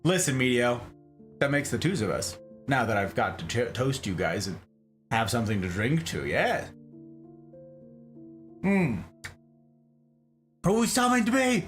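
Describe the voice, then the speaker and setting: A man's voice: mid-range voice, sing-song, measured pace, long pauses, faint music behind. A man hosting a live stream in casual chat, playfully greeting viewers and reading chat aloud. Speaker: streamer host.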